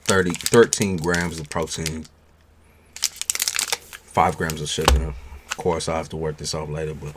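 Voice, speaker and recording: A man's voice: extremely low pitch, little pitch movement, unhurried, pauses often, noisy background. A man reading tarot on a casual livestream, talking in a slangy, laid-back way while he munches snacks between sentences. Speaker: tarot reader streaming live. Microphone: new studio mic.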